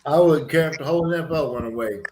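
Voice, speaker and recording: A man hosting a casual live chat. He tells stories bluntly and swears freely, in a voice pitched somewhat high. The room is echoey, with steady background noise. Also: fast talker. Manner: blunt, profane storytelling.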